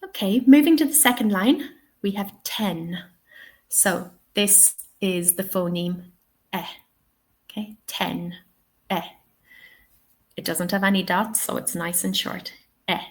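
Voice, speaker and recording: A woman's voice: mid-range voice, unhurried. A woman with an Irish accent hosting an online lesson, patiently explaining and modelling each vowel sound. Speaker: English teaching webinar host. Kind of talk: online lesson, live webinar.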